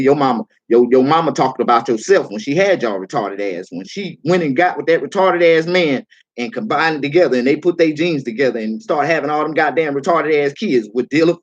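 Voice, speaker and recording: A livestreaming comedian, a man, giving a profane, heated rant that swings from calm to shouting. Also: on the high side, breathy edge, muffled recording.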